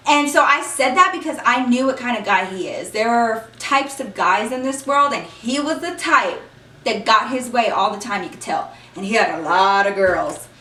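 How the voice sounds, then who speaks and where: Bright chatty woman telling stories. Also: on the high side, lively intonation, normal speed. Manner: chatty, acts out quotes, says y'all. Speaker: vlogger. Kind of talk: casual storytime. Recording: echoey room, mic at a distance.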